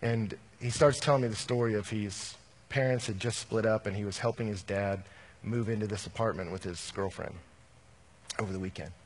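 A man preaching a sermon as a pastor, telling personal stories, swinging from animated to quiet and intimate. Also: fairly low pitch, moderate pace, slightly rough.

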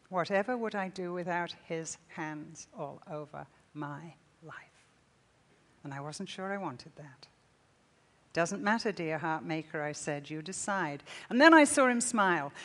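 Woman preaching a sermon in a big, reverberant hall. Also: medium pitch. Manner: expressive reading, rising loud then dropping to a hush. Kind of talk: sermon with a read-aloud story. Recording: long reverb in a large hall.

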